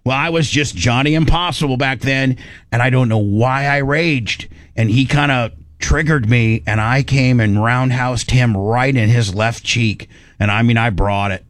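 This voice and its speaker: A man hosting a radio talk show, telling a story in a casual, animated way and acting out the quoted dialogue. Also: medium pitch, a little slow, no echo.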